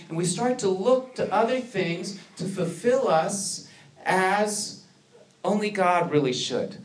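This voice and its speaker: A man's voice: sits high, takes it slowly. A man preaching a sermon to his congregation, earnest, asking rhetorical questions and building to emphatic peaks. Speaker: pastor.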